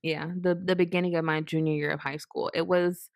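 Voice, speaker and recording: Young woman, lowish voice, dry close sound, chatty rambling storytime vlogger. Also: brisk, dry recording. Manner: rambling, filler-heavy, animated quoted asides. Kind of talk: casual storytelling to camera.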